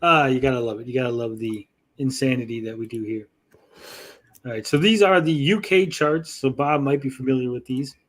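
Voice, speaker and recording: A man's voice: medium pitch, brisk. A man hosting a casual live gaming-news stream, loose and joking and swearing freely. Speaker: host.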